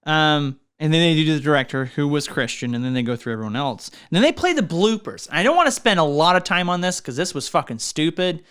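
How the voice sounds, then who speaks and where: A young man co-hosting a casual podcast, talking about a movie in an expressive, giggly way that often breaks into laughter. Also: fairly high pitch, fairly quick, few pauses, smooth. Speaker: podcast co-host.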